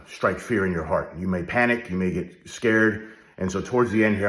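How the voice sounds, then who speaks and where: A middle-aged man speaking straight to the viewer as a leadership coach, direct and coaching, often checking in with "all right?". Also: sits low. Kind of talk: direct-to-camera advice talk. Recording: roomy echo.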